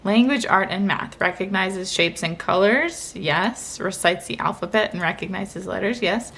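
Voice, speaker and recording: A woman's voice: mid-range voice, moderate pace, vocal fry, a bit bright, a little hiss or hum. A young woman talks through a family vlog in a loose, chatty way. She keeps circling back with "like" and small restarts as she thinks aloud about her kids. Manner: chatty, with many fillers and restarts. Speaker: vlogger, mother. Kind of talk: casual family vlog chat.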